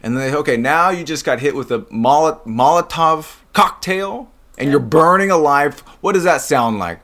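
A man's voice: on the high side, moderate pace, creaky, few pauses, a bit bright. A man in casual chat as an actor guest, a laid-back storyteller who acts out quoted lines and laughs often.

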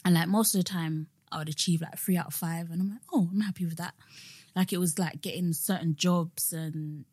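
Relaxed young woman chatting. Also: on the low side, fairly quick, no room sound, clean studio sound. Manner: relaxed, many "like" fillers. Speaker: podcast co-host or guest. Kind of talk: casual chat.

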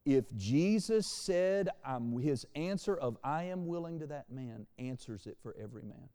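A man preaching a sermon as pastor, animated, shifting between quiet and loud passages. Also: on the high side, moderate pace, smooth, big-room sound. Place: church sanctuary.

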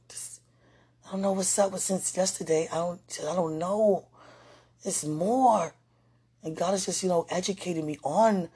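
A woman's voice: lowish voice, breathy edge. A woman talking casually and emotionally to a viewer, rambling and affectionate, often speaking of God and dropping to near-whispers. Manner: rambling and affectionate, with frequent religious talk; soft-spoken, drifting into near-whispers.

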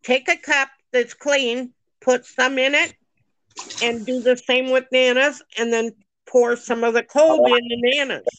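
A woman's voice: high voice, fairly even intonation, unhurried, fairly bright tone, a little hiss or hum, rough recording. A woman telling stories in a chatty, exclaiming way during casual family chat. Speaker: podcast host.

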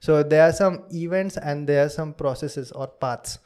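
A man's voice: fairly high pitch, moderate pace, a little mellow, smooth. A young man with an Indian English accent, hosting a casual podcast chat, rambling and laughing often. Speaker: podcast host.

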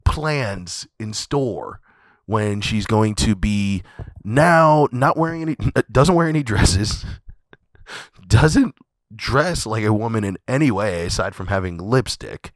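A man's voice: on the low side, animated, measured pace, no echo. A man hosting a podcast, telling a comedic story in a loose, profane, laughing way. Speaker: podcast host.

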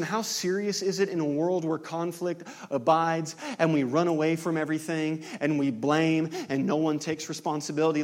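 A male pastor delivering a sermon in a slightly high voice. He tells stories with acted-out dialogue, then drives his points home with loud, impassioned bursts. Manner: impassioned preaching, building to loud climaxes.

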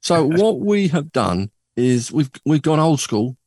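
A man's voice: on the high side, very animated, a little slow, darkish tone. A man hosting a radio show from a studio, bantering casually and joking with his co-host, rambling a little with filler words. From United Kingdom. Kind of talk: casual banter between co-hosts.

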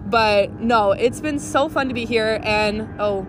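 A young woman hosts a podcast in a bubbly, chatty way, laughing easily between lines. Her voice sits fairly high. Faint city noise hums behind her outdoors. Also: unhurried. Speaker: podcast host. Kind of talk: casual podcast chat.

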